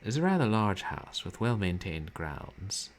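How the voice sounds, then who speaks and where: A man's voice: deep voice, sing-song, unhurried, gravelly, heavy background noise. A man casually commenting while playing an old game, with wry, musing asides.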